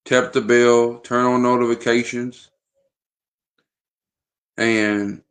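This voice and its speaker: A man's voice: medium pitch, little pitch movement, slow pace. A man vlogging in a casual chat to camera, rambling and hesitant with frequent restarts.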